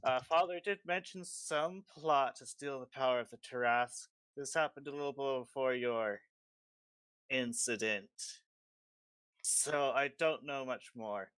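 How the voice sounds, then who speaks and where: A man voicing a startled, hesitant adult brother in a tabletop game, with pauses and fillers. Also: medium pitch, fairly bright tone, clear, resonant tone, dry recording, natural voice. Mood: uncertain. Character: startled adult male sibling, unsure and hesitant.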